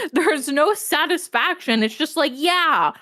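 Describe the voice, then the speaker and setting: A woman streamer rants in exasperation about a game, swearing a lot during casual live-stream gameplay chat while game music plays behind her. Her high voice swings widely in pitch, and she speaks slowly with a sharp tone.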